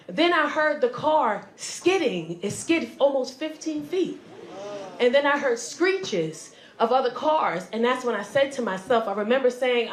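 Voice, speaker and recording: A woman comedian telling a story on stage in an animated way, acting out the voices and swinging between loud and soft. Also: high voice, normal speed, roomy sound. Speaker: stand-up comedian. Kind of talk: stand-up storytelling.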